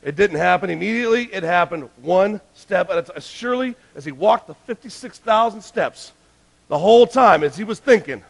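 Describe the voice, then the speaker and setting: A male pastor delivering a sermon in a high voice with a gravelly edge. He preaches emphatically, pushing some lines out loud and urgent and dropping others almost to a hush. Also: expressive, a little fast. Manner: emphatic, swings between loud urgent lines and hushed ones.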